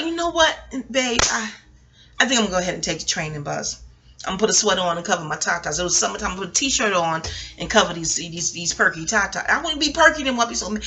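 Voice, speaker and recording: A sassy middle-aged woman from New talks in a loose, wandering monologue, cursing freely as she goes off on tangents. Her New colors a bright, forceful voice that leaps high and drops low. It sounds like a casual, unscripted vlog. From New York. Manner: profane, digressive, sassy. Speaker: TV recap vlogger.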